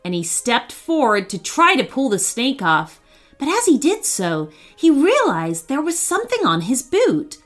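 A woman's voice: high-pitched, huge pitch swings, a little slow, a bit bright, faint music behind. A woman reading a children's story aloud, telling it expressively.

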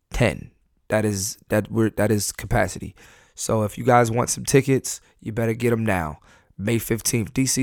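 Gravelly, laid-back man hosting a podcast. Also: medium pitch, dry recording, clean studio sound. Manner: loose, rambling, laughing, cursing. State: high on weed. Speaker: podcast host. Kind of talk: casual solo podcast monologue. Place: at home.

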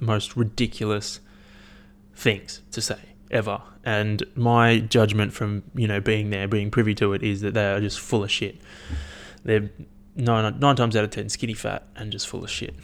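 A man's voice: on the low side, level tone, normal speed. Profane, rambling young man. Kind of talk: casual solo rant.

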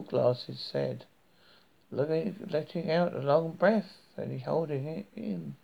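A British man reading a horror story aloud in a slow, measured way, with occasional slips and restarts. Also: fairly high pitch, creaky, dull audio.

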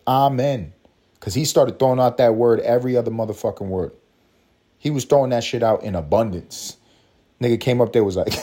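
A man's voice: medium pitch, mellow. A man hosting a podcast, ranting in a profane, mocking, storytelling way. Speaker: podcast host. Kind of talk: profane comedic rant.

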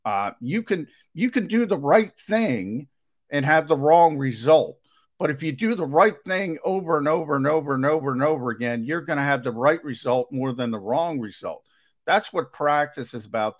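A man's voice: mid-range voice, moderate pace. A man giving sports analysis on a talk show, starting over often and pressing his points with emphasis. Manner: hesitant restarts, emphatic and animated.

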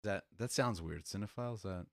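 A man hosting a casual podcast, giving relaxed, rambling explanations. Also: on the low side, a little fast, vocal fry, no echo, studio quality. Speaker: podcast host.

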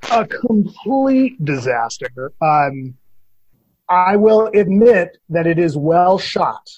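A man on a podcast as a guest critic, talking casually and opinionated in animated rants. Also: a little high, a little hiss or hum.

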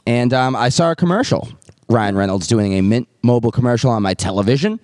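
A man's voice: mid-range voice, lively intonation, fast, a little mellow, no room sound. A man with a mid-range voice co-hosts a podcast in a laid-back way. He drops dry little quips and swears now and then. He is miked close and dry. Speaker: podcast co-host. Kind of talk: casual podcast chat.

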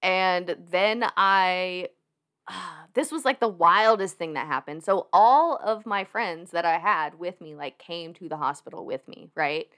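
A woman's voice: on the low side, unhurried. A young woman telling a personal story as a podcast guest, chatty and laughing often, with plenty of fillers. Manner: animated, laughing, lots of fillers. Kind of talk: casual storytelling.

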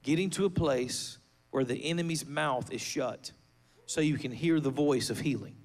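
A male pastor delivering a fervent sermon in a church, building to rousing shouts and leading the congregation in prayer. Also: medium pitch, normal speed.

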